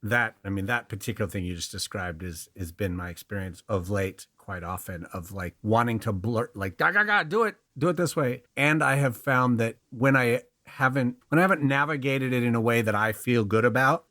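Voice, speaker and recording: A man's voice: fairly low pitch, moderate pace, few pauses, fairly bright tone, dry recording, studio quality. A man in casual chat, talking reflectively and in a self-deprecating way, laughing easily.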